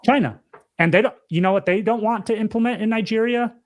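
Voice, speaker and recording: A man's voice: high voice, quick pace. Emphatic young man on a podcast. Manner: emphatic, repeats himself, says dude and bro. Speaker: podcast co-host. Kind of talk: casual chat.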